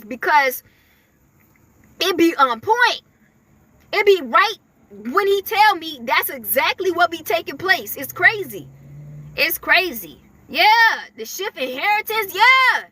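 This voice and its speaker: A woman's voice: very high voice, sharp tone. A woman giving casual spiritual messages in a chatty way, full of fillers, often laughing. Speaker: spiritual messenger.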